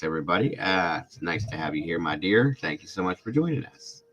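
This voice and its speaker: A man with a very deep voice hosts a relaxed livestream and warmly greets viewers by name. He sounds congested and a little worn down from being sick, talking at an easy, chatty pace into a home streaming mic. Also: fairly quick, hardly any pauses, soft background music, poor audio. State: congested and coughing from illness. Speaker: true crime YouTube livestream host.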